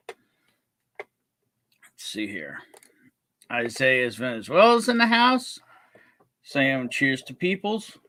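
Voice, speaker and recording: A man hosting a casual whiskey livestream, greeting viewers with jokey, upbeat shout-outs. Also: fairly high pitch, no echo. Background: faint background music.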